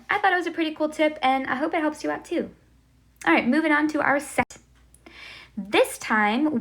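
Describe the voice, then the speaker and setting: A woman teaches a language lesson while drawing on a board, her voice sitting a bit high. She talks slowly and deliberately, pausing often to check in with the class with an upbeat "okay?" or "right?". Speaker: Spanish teacher.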